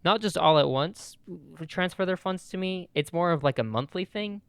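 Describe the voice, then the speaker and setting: A young man co-hosting a podcast, laughing often and reacting with quick, amused remarks in casual chat. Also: high-pitched, creaky, clean tone, no echo. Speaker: podcast co-host.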